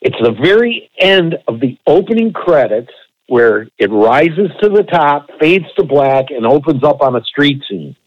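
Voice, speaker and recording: A man co-hosting a podcast, telling a long, animated, profane anecdote in a casual way. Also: fairly high pitch, unhurried, muffled recording. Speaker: podcast co-host. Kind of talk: casual storytelling.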